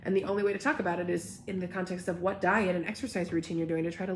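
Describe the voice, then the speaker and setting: A woman's voice: on the low side, little pitch movement, very fast, slight background noise. A young woman hosting a live talk, speaking with passion and emphasis and often asking "right?". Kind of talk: live-streamed casual talk, reading comments.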